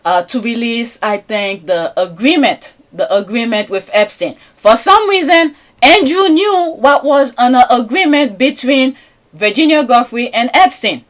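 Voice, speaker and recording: A woman's voice: on the high side, animated, unhurried. A woman hosting a podcast, talking in a rambling casual monologue and checking in with listeners by asking "okay?" again and again. English is not her first language. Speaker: podcast host.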